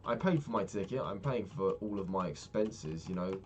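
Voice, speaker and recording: A man's voice: low voice, expressive, moderate pace, slight background noise. A young man chatting casually and rambling, swearing freely as he tells a story while playing a game. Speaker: vlogger. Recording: keyboard clicks and typing behind. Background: keyboard clicks.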